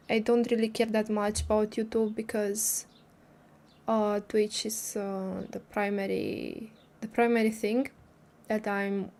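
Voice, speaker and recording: A woman's voice: mid-range voice, a little mellow. A woman hosting a casual livestream, talking hesitantly with many fillers and restarts while recovering from a cold. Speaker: livestream host. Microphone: streaming microphone.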